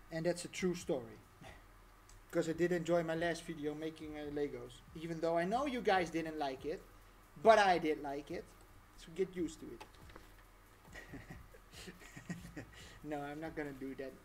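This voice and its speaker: A woman's voice: low-pitched, a little slow, long pauses, a little mellow, slight background noise. Rambling woman streaming a casual tutorial. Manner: rambling, chatty, laughs often.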